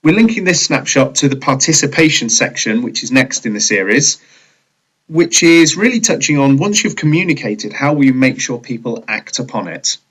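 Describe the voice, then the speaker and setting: A man narrating a scripted leadership training video in a measured, explanatory way. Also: mid-range voice, expressive, a bit bright, breathy edge, low-quality recording.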